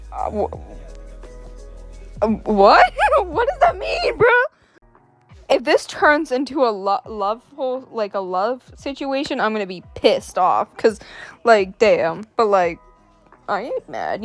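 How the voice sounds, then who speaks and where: Excitable slangy woman vlogger. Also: mid-range voice, no room sound. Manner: excitable and exasperated, lots of slang, laughing. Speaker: host. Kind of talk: casual reaction vlog, reading a story aloud.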